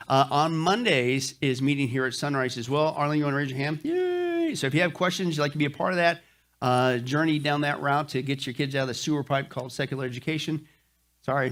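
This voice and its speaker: A middle-aged male pastor giving jokey, folksy church announcements to his congregation, with lots of "uh" fillers. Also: medium pitch. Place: church sanctuary.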